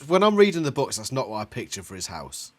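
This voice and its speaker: A man's voice: medium pitch, very animated, quick pace, very noisy. An English man co-hosting a casual watch-along chat, teasing and swearing often. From England. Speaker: co-host.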